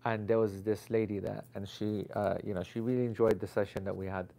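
Animated, rambling male storyteller. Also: lowish voice, brisk, vocal fry. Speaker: Islamic teacher. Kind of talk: casual anecdote.

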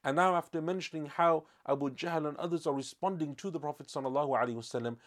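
A man teaching a religious lesson, telling stories and acting out the quoted speech with lively emphasis, reciting Arabic verses quickly. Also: on the high side. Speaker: Islamic teacher.

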